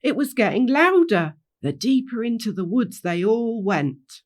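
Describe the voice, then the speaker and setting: Brief: woman narrating a kids' story, lively intonation. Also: on the high side, a little slow. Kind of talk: children's story reading.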